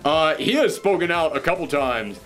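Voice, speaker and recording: A man giving casual commentary as a comic book reviewer, animated and incredulous as he recaps the story. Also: fairly high pitch, normal speed, soft background music.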